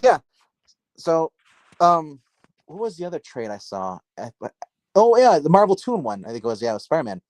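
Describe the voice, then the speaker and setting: A man chatting casually on a livestream about comics from his dark home, rambling and restarting his sentences. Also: a little high, very animated, normal speed, pauses often, no echo. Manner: rambling, self-interrupting, filler-heavy. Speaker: comic book livestream host. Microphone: phone.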